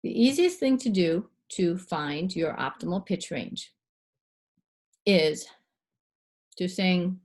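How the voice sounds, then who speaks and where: Woman voice coach demonstrating, lowish voice. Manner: clear, demonstrative, shifts pitch and loudness to show voice techniques. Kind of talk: instructional talk to camera.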